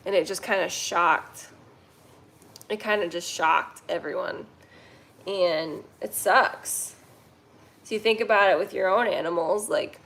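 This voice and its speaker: A woman's voice: mid-range voice, a bit bright. A young woman hosting a casual livestream, chatting and reading viewer comments in a rambling way while talking to her cats. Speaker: kitten rescue livestream host.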